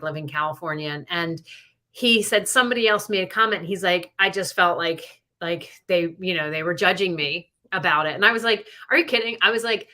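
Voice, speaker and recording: A middle-aged woman co-hosts a podcast, her fairly low voice bright and forceful. She rambles through stories in casual chat, peppering them with lots of "like" and "you know."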